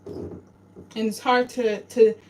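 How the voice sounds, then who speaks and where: A tearful woman with a fairly high voice vents raw and unfiltered, swearing as her voice breaks. She sounds set back from the mic in a bathroom, with clear hiss and noise under her words. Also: little pitch movement, slow pace, darkish tone, far from the mic. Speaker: vlogger. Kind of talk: emotional confessional vlog. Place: home bathroom.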